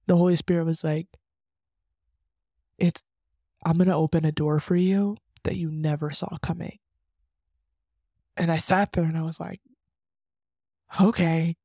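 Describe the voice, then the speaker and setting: A young woman talks earnestly through a personal faith reflection, circling back and restarting her thoughts as she goes. Her voice is warm and mellow, with little rise and fall in pitch. It sounds close and dry, with no room sound. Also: no room sound. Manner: earnest, rambling, many restarts and "like". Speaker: faith podcast host.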